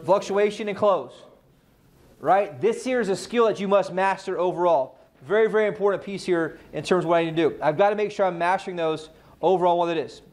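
A man leads a live sales training session and keeps firing questions at his audience. His voice sits high for a man, and he delivers with driving, energetic emphasis. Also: brisk.

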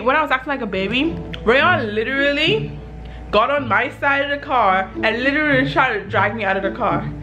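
A young woman hosting her vlog, talking casually to the camera. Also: a little high. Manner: loud put-on ratchet voice with her fiancé. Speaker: vlog host.

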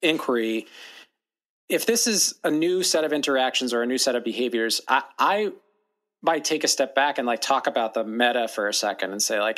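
Guy cohost on a podcast, mid voice, calm and measured, talks it through, acts out example lines. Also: medium pitch. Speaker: podcast co-host. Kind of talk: thoughtful conversational advice.

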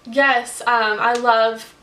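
A woman's voice: on the high side, level tone, very slow, a bit bright, recorded from a distance. A young woman talking earnestly in a casual personal vlog, with frequent "like" and "um" fillers. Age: young adult. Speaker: vlogger. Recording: echoey room, speaker away from the mic.

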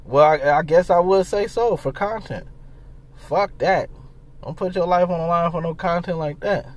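A man ranting in casual commentary, animated and profane, firing off rhetorical questions. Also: sits high, normal speed. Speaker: commentary vlogger.

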